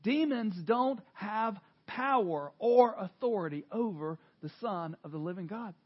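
A man preaching a sermon, retelling scripture with dramatic swings from hushed to loud, animated storytelling. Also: high voice, measured pace, breathy edge, muffled recording. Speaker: pastor.

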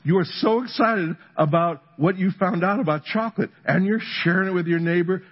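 A man preaching a conversational sermon, telling a humorous story that builds to animated emphasis. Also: high-pitched, a little fast, few pauses, highs cut off. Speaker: pastor.

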